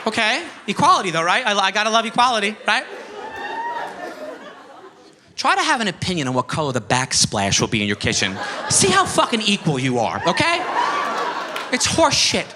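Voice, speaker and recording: A man's voice: sits high, huge pitch swings, moderate pace, pauses often, big-room sound, crowd noise. A young man doing a stand-up routine, ranting and exasperated, mimicking voices in bits. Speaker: stand-up comedian. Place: comedy club stage. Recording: live club audience laughing, noisy room.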